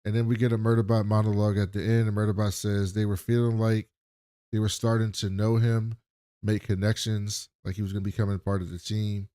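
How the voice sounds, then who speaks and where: Male co-host briskly retelling a plot. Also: lowish voice, level tone, dark tone, no echo, studio quality. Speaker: podcast co-host. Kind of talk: casual TV episode recap.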